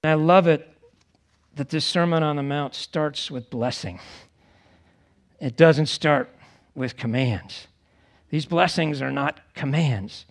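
A man preaching a conversational sermon to a congregation, acting out quoted voices with lively expression. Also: a little high, slow, long pauses. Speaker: pastor.

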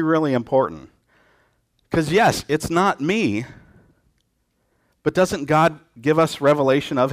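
A man's voice: mid-range voice, dry recording, studio quality. A man preaching a sermon, retelling a scripture story and acting out the lines of its people in changing voices. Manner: lively storytelling, acts out quotes in voices.

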